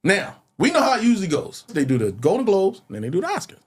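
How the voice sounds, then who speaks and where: A man's voice: high-pitched, wildly swooping pitch, fast talker, breathy edge. A man telling a profane, laugh-filled anecdote as an interview guest, acting out the dialogue. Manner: profane, acts out quoted dialogue, laughs often. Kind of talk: storytelling anecdote.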